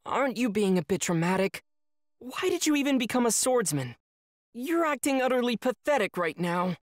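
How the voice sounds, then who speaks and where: A woman voicing a kind, calm teenage boy swordsman who speaks steadily and politely, in an anime fan dub. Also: on the high side, normal speed, no echo, clean studio sound.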